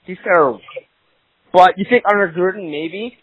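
A man chatting casually about fantasy football, an excitable storyteller who swears a lot and acts out quotes. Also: high-pitched, normal speed, husky. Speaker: podcast co-host. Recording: dry, tinny phone-line sound.

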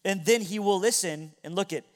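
A middle-aged man preaching from the pulpit with a notably high voice. He moves earnestly between near-whispered passages and ringing, raised exclamations. The sound is of a sermon given in a church. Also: fairly quick. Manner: earnest preaching, swings from hushed to loud. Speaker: pastor. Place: church sanctuary.

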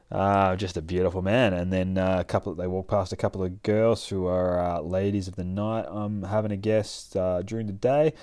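A man's voice: low-pitched, flat delivery, normal speed, few pauses, darkish tone, clear, resonant tone, no room sound, clean studio sound. A young man casually recapping and reviewing a comic book, rambling and profane. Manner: loose, profane, rambling storytelling.

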